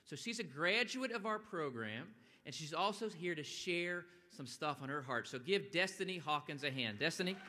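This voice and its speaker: A man delivers a motivational talk in a large atrium, his voice bright and forceful. His pitch sits a little high for a man, and his delivery is animated, rising into loud bursts when he quotes. A long reverb trails every phrase. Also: normal speed, few pauses, a little hiss or hum. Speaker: event speaker. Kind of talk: motivational speech. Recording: long echo of a large hall.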